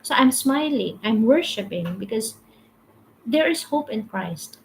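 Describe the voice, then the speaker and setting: Slow, halting woman leading a devotional. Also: on the high side, lively intonation, creaky, slight background noise, poor audio. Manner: halting, repeats words, reads viewer comments. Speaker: devotional livestream host. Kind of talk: casual devotional teaching.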